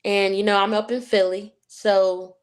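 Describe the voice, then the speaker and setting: A woman's voice: medium pitch, level tone, a little slow, clean tone. Southern Virginia woman, chatty interview guest. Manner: chatty storyteller, many fillers like "you know". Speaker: guest, sports writer and podcast host. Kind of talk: casual interview chat.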